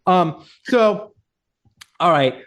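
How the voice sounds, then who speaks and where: Animated, rambling male podcast host. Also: high-pitched, extremely slow, background noise. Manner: rambling, filler-heavy, animated storytelling. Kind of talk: casual sports chat.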